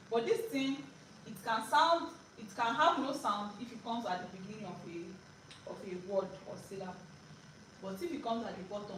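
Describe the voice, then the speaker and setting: A woman teaching a live beginner language lesson. She is patient, repeats her points and often checks in with "right?". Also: mid-range voice. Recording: echoey room, distant mic, background noise.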